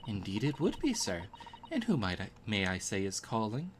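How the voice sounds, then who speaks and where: A man's voice: on the low side, huge pitch swings, normal speed, a little hiss or hum. A man voicing a prim, polite young female housemaid who speaks very formally.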